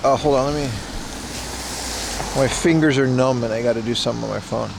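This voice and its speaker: This man speaks briskly in a mid-range voice with vocal fry, and background noise comes through. He's an IRL livestream host walking around an outdoor event in Japan, rambling casually and poking fun at himself.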